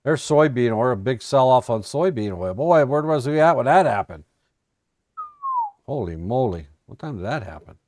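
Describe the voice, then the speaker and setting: A man's voice: mid-range voice, expressive, moderate pace, a little mellow, dry recording. Folksy American man recapping trades. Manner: folksy, joking, thinks aloud over charts. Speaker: trading educator. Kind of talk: casual live-stream market recap.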